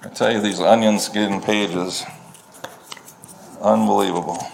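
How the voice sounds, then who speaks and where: A man's voice: lowish voice, steady tone, measured pace, vocal fry, background noise. A man preaching a sermon, reading scripture at length and breaking off into conversational asides. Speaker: pastor.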